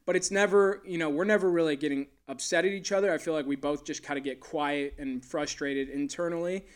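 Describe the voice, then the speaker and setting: A man's voice: on the high side, fairly even intonation, fairly quick. A man, a golf caddie, chatting casually in an interview and telling stories with plenty of fillers. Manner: easygoing storyteller, many fillers.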